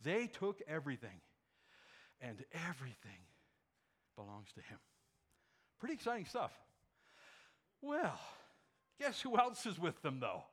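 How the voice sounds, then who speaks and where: A man's voice: on the high side, wildly swooping pitch, measured pace, long pauses, slightly rough. A male pastor preaching a sermon with emphasis, firing rhetorical questions at his congregation.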